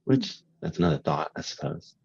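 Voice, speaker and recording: Low, husky man, slow and halting. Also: sing-song, darkish tone, no echo. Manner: slow, halting, with frequent pauses and fillers. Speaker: inquiry session participant. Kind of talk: reflective conversation. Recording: dull, lo-fi call audio.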